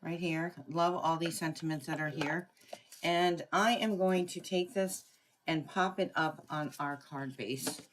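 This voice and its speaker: A woman's voice: low-pitched, steady tone, measured pace, slight background noise. A woman running a live crafting tutorial, chatting through each step and greeting viewers by name. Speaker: craft demonstrator.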